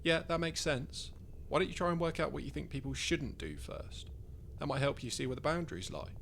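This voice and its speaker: A clever, playful young wife, as a man puts her on teases her husband with serious weight behind it. The voice is raised in pitch yet keeps a gravelly grain. A faint hum lies beneath. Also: expressive, fairly quick, a bit bright.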